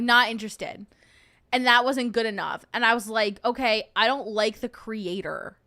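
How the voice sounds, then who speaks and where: A woman's voice: fairly high pitch, fairly bright tone, no echo. A young adult woman hosting a livestream, chatting casually and joking in rambling asides while reacting to a video. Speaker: host.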